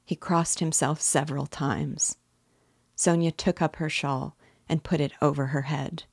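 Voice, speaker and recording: A woman teacher reading a novel aloud in a measured, even narration. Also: low voice, breathy edge, dry recording, clean studio sound. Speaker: literature teacher.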